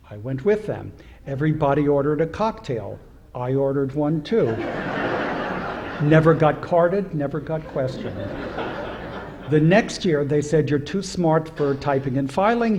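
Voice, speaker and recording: A man's voice: on the high side, warm tone. A rabbi in his seventies giving a humorous anecdotal speech at a celebration, acting out the voices of people in his stories. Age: 70s. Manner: storytelling with humor, acts out quoted voices. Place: synagogue hall at an event.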